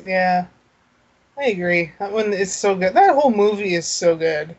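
A woman's voice: medium pitch, normal speed. A woman co-hosting a casual chat, laughing often and restarting her sentences. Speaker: podcast co-host. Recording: dull lo-fi sound.

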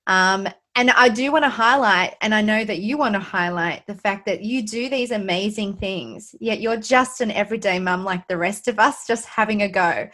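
A woman hosting a podcast interview, talking warmly and emotionally with many fillers. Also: medium pitch, normal speed, few pauses. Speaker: podcast host. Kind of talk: casual interview chat.

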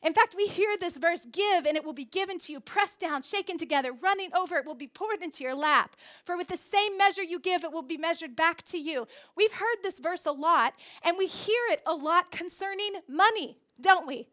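Woman pastor, thirties, very high voice, emphatic sermon delivery in a church. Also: a little fast, hardly any pauses, pushed and bright. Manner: emphatic preaching, repeating phrases for stress. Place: church sanctuary.

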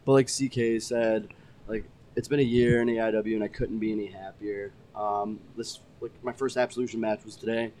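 A man's voice: fairly low pitch, steady tone, moderate pace, dark tone. A man appearing as a wrestler guest on a podcast. He talks earnestly and sincerely, in a casual way. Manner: earnest, heartfelt. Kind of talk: casual chat.

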